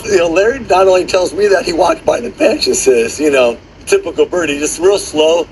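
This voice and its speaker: Former basketball player telling a story over music. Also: male voice, fairly high pitch, brisk, hardly any pauses, rough recording. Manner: animated storyteller who laughs and acts out quotes. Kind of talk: storytelling in a documentary clip. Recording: archival clip with loud music underneath.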